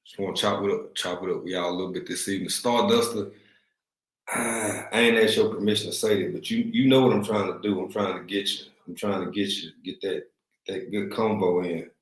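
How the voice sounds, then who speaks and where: A man's voice: low-pitched, steady tone, fairly quick. Laid-back East Texas man in an echoey room. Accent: Texan. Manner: laid-back, greets chat viewers, slangy. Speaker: livestream host. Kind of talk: casual livestream chat. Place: room at home, in Africa.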